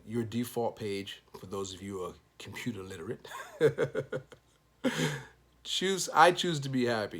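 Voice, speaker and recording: A man's voice: mid-range voice, husky. A man hosting his own show, giving an upbeat, encouraging motivational monologue with preacherly sign-offs. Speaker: show host.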